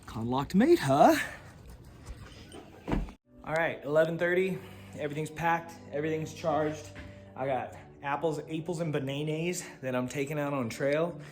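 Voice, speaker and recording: With a voice on the high side and a fairly bright tone, a man records a casual trail vlog at a forest campsite. The thru-hiker talks to a handheld camera in a relaxed, slangy manner, laughing easily.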